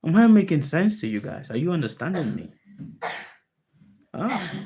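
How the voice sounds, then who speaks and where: A woman's voice: deep voice, big pitch swings, moderate pace, mellow, breathy edge. A woman giving a spiritual talk to an online group over a video call, emphatic, often asking her listeners questions and repeating key phrases. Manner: emphatic, asks the listeners many rhetorical questions. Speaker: spiritual teacher.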